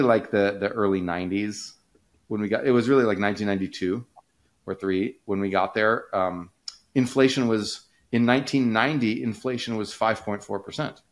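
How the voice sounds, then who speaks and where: Talking through economics in a loose, conversational way, this lowish-voiced man sounds like an easygoing podcaster. He wanders, starts sentences over, piles on fillers, and quickens whenever a thought catches his interest.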